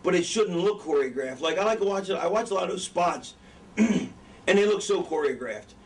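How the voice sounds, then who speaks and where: A man's voice: sits high, lively intonation, moderate pace. A middle-aged man and wrestling trainer teaching in a casual, profane, rambling way, often losing his train of thought. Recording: distant mic, faint background noise.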